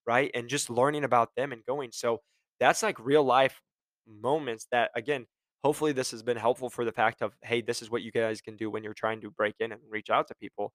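Casual, energetic young man giving sales advice. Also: medium pitch, brisk, dry recording. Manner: energetic, conversational, acts out phone calls; admits he gets passionate and curses. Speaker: medical device sales rep sharing advice.

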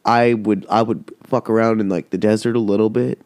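A man's voice: lowish voice, steady tone, brisk, a little mellow, no echo, studio quality. A man hosting a podcast, telling a rambling, heavily profane story in casual chat. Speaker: podcast host.

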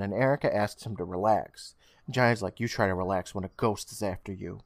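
Low-voiced man retelling a plot, dry mic. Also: no echo. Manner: storytelling retell with swearing, acts out lines. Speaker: podcast co-host recapping an episode. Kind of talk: casual recap chat.

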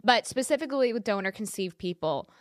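A woman's voice: mid-range voice, a little fast, no room sound. Emphatic woman podcast host, dry sound. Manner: emphatic, expressive, repeats for emphasis. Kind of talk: conversational interview.

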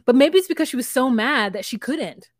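A woman co-hosting a casual podcast about a reality TV show, animated and swearing, often acting out what people said. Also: high voice, a little fast, no echo, studio quality. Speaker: podcast co-host. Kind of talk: casual reality TV recap chat.

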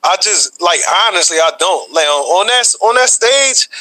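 A man in casual podcast chat, animated and loose with slang and profanity. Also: sits high, moderate pace, noisy background. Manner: animated, heavy slang and profanity, frequent laughing. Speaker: podcast co-host. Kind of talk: casual chat about battle rap.

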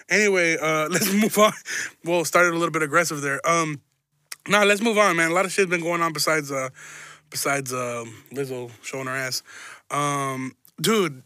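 A man's voice: on the high side, moderate pace, bright, forceful tone, smooth, no echo, studio quality. A young man hosting a podcast, rambling through a crude, self-mocking comedic monologue full of profanity. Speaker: podcast host.

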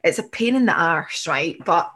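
A woman's voice: on the low side, animated, moderate pace, a bit bright. A woman, coaching someone through a reflective conversation and voicing their inner thoughts.

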